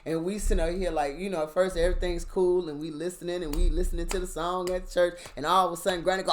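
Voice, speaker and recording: A woman, a mother, telling a casual, animated story about her spiritual experiences and checking in with the listener. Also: lowish voice, quick pace, few pauses, heavy background noise. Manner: animated, conversational, asks listener "you understand?". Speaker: spiritual vlogger.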